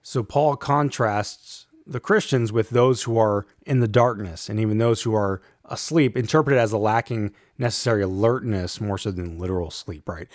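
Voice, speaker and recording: A man giving a measured lecture on a Bible passage, reading verses aloud and adding an um or a "right?" now and then. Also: lowish voice, dry recording, clean studio sound. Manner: measured, reads quotes aloud, fillers like um and right. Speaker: Bible teacher.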